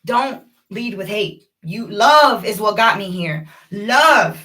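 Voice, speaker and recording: A woman vlogging a rambling, preachy spiritual monologue to her viewers, animated and addressing them directly. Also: medium pitch, slow, recorded from a distance, poor audio.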